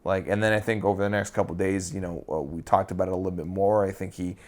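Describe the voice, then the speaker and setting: A man's voice: low-pitched, fairly even intonation, fast. A man co-hosting a podcast, talking casually and rambling, with frequent fillers, restarts and the odd swear word. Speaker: podcast co-host.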